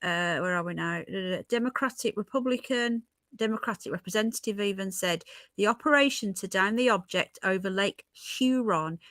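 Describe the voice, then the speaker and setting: A woman's voice: mid-range voice, a little fast, fairly bright tone, dry recording. A middle-aged British woman hosting a casual livestream, reading out news and greeting viewers as she rambles along. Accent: British English. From Britain. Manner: chatty, rambling, greets viewers mid-sentence. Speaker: livestream host.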